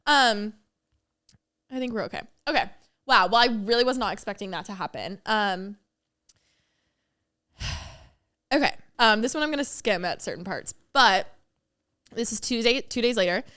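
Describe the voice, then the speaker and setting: Woman, podcast host, higher voice, smooth and clear, dry close sound, heartfelt and open. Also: expressive, sharp tone, no echo. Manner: open, heartfelt, quick to laugh. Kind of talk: candid solo podcast reflection.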